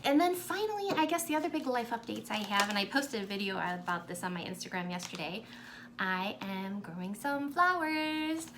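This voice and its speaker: A woman's voice: medium pitch, fast, hardly any pauses, noisy background. A woman chatting casually to camera as a cross-stitch vlogger, gushing and sentimental, with lots of ums. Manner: gushing, sentimental, warmly grateful.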